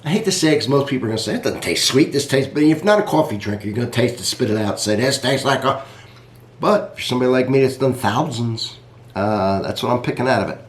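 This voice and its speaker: A man's voice: medium pitch, lively intonation, rapid-fire, echoey room. A man reviewing coffee in a casual vlog, chatty and rambling, talking straight to his viewers.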